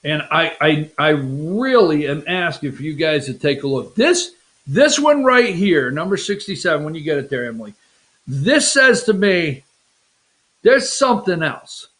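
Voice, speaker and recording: A man hosting an opinionated political talk show, rambling and animated, with jokey asides. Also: on the high side.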